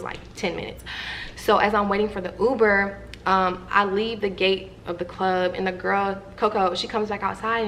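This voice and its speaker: A young adult woman vlogger telling a personal story to her viewers in a chatty, animated way and addressing them directly. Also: mid-range voice, vocal fry, a little hiss or hum.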